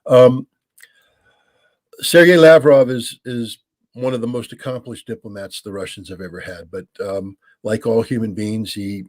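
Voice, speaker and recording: A man's voice: medium pitch, fairly even intonation, measured pace, darkish tone. An American man, the show's regular guest analyst, answering call-in questions in a loose, explanatory way, full of fillers and restarts. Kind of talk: call-in Q&A commentary.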